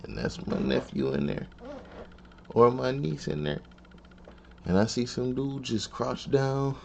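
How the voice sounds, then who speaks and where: A man's voice: medium pitch, big pitch swings, measured pace, vocal fry, long pauses, muffled recording, slight background noise. A man hosting a reaction video, talking back to a horror story and scolding the people in it with a joking tone. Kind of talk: casual commentary reacting to a video.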